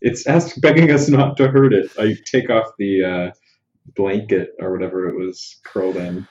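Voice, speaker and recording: A man's voice: on the low side, fairly even intonation, normal speed, darkish tone. A man playing in a tabletop game, asking questions casually and laughing often. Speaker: player. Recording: roomy, dull lo-fi sound.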